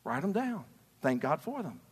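A man preaching a sermon as a pastor, passionate and swinging between quiet talk and shouting. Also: a little high, big pitch swings, normal speed, slightly rough, long reverb tail. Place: church sanctuary.

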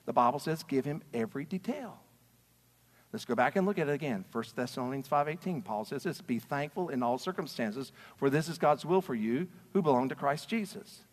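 A man preaching a sermon as a pastor, passionate and swinging between quiet talk and shouting. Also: medium pitch, lively intonation, brisk, long reverb tail. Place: church sanctuary.

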